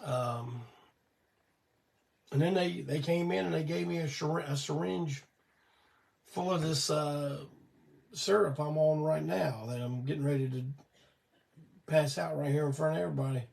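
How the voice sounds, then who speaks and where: Older man hosting a home livestream, gravelly and worn-out voice, a bit high, folksy rambling, mic set back. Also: measured pace, long pauses, a little mellow, recorded from a distance. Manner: rambling, folksy, swears casually. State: weak voice from illness and cough syrup. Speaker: host of a weekly live show. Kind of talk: casual storytelling on a livestream.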